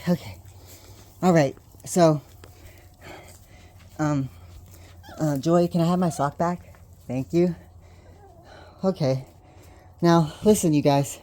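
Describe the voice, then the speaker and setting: A woman's voice: low-pitched, takes it slowly, pauses often, mellow. A woman filming her puppies at home and in her yard, chatting to the camera and coaxing them outside, sometimes winded. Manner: coaxing and scolding puppies, often laughing and sighing. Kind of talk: casual vlog narration. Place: home and backyard, indoors and outdoors. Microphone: handheld video camera.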